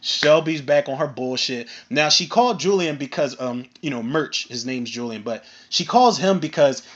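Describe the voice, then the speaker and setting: A man recapping and reviewing a TV episode in a casual, animated and profane way, acting out bits of dialogue. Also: fairly high pitch, moderate pace, dull audio. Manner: animated, profane, retells scenes with acted quotes. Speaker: film and TV reviewer.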